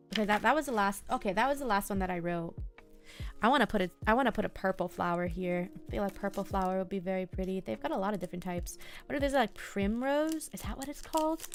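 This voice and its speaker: A young woman journals on a live stream, softly musing to herself and her chat with plenty of fillers. Her mid-range voice moves fast, with faint music in the background.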